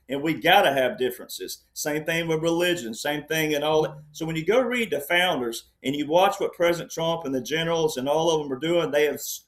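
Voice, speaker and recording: Insistent rambling man, slightly high voice. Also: a bit bright. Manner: rambling, insistent, often says "all right". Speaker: panel guest. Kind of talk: conversational political commentary.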